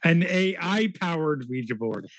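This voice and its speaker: A man's voice: a little high, expressive, a little slow, a bit bright, muffled recording, a little hiss or hum. A man playing his character in a tabletop role-play game, talking in a rambling way and swearing freely.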